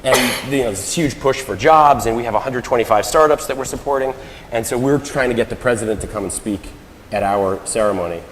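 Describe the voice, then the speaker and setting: Male conference speaker, American-raised, animated storyteller who acts out dialogue; mid-range voice in a roomy hall with long reverb. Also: mid-range voice, fast talker, a little hiss or hum. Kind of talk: anecdotal conference talk. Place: large hall.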